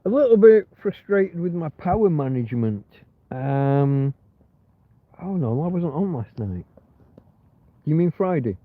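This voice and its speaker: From bed in a van or caravan, a middle-aged man hosts a casual livestream, rambling, swearing a lot, and reading chat messages aloud. His fairly high voice swings widely in pitch, runs a little slow, and pauses often. The dry recording sounds tinny, like a phone.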